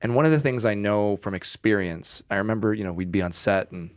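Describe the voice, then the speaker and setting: A man's voice: fairly low pitch, fairly quick, clean tone, no echo, studio quality. A man hosting a podcast in casual chat, talking earnestly and openly praising his guest. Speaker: podcast host.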